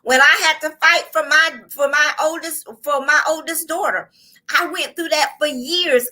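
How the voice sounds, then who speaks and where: A woman hosts a live online show in a fervent, preaching-style motivational delivery. Her voice sits high and sounds bright and forceful. She drives her points home with repeated phrases and calls out to her listeners. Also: normal speed. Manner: fervent, repetitive, with call-outs to the audience. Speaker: host and coach.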